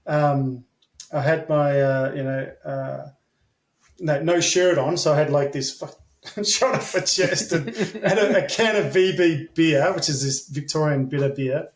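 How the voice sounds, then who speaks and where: An Australian man tells long, loose stories, with many fillers and casual swearing. His voice sits fairly high for a man. The sound bounces around an echoey room. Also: a little slow. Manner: rambling, filler-heavy, blunt and swearing. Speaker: interview guest. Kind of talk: casual storytelling.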